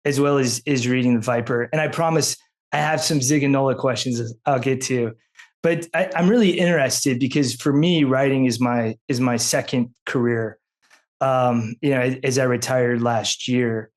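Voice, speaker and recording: A man's voice: medium pitch, steady tone, moderate pace. A man hosting a podcast who asks his questions casually, often repeating words and restarting his sentences. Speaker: podcast host.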